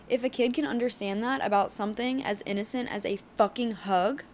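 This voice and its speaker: A woman's voice: a little high, fairly even intonation, normal speed, few pauses, darkish tone, a little hiss or hum. Heated, candid young woman podcaster. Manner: candid and heated, swearing, with many fillers. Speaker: podcast host. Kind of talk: solo podcast monologue.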